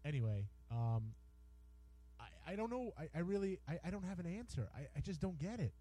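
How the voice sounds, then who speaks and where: A man's voice: a little high, sing-song, brisk, mellow, poor audio. An American man co-hosting a casual sports radio show, hesitant and full of repeated words, ribbing his partner. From United States. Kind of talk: casual bantering sports talk. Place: radio studio.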